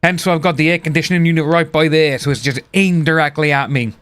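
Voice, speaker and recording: Male streamer, casual rambling chat, slightly high voice, soft music underneath. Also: steady tone, fast talker, clean tone. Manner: rambling, chatty, reads out chat names. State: hiccups. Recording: faint music behind.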